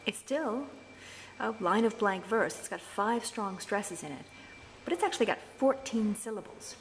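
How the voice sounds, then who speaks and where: A woman's voice: mid-range voice, expressive, normal speed, slight background noise. A woman teaching a university English lesson, explaining verse rhythm and chanting stress patterns aloud. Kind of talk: recorded lecture.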